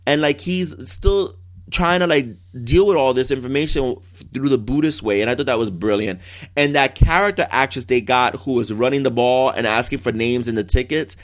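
Man gushing about soap operas. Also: mid-range voice. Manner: gushing, animated, quick to mimic characters. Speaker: soap opera fan co-host. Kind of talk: casual chat.

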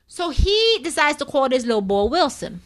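Co-hosting a casual chat show, a woman with a high voice animatedly recaps a soap opera at a moderate pace. She calls out to her listeners as "people."

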